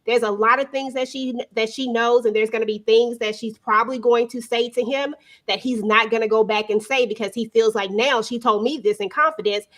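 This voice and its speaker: Woman chatting about a tv show, thinks out loud, kinda high voice. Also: fairly even intonation, a little fast. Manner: talks it through, restarts, musing. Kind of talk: casual TV recap chat.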